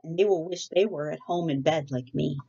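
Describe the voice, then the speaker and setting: A woman's voice: low-pitched, moderate pace, gravelly, dark tone, husky, dull audio, exaggerated voice. A woman voicing a sulky, anxious woman who whines like a reluctant child, read aloud from a storybook. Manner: whiny, reluctant.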